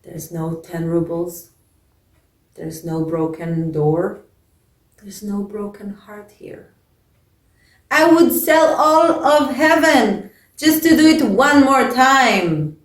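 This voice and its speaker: Lady doing soft old miser guy, slow and tender, kinda far off in an echoey room. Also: medium pitch, lightly acted. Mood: tender, serene. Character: humble pious old miser, gentle and grateful.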